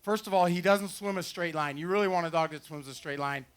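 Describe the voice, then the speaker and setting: At an outdoor fair pond with a dock, a dog trainer and show host demonstrates retriever dogs, offering joking, folksy commentary through a handheld or headset mic. His voice is a little high, smooth, slightly bright, and quick.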